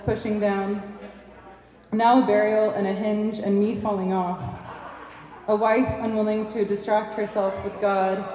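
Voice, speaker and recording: Woman, poet reading her own poems, lyrical and measured, roomy pub reverb, far from the mic, muffled sound. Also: mid-range voice, mellow. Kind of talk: poetry reading. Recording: echoey dull sound from a distant mic in a pub.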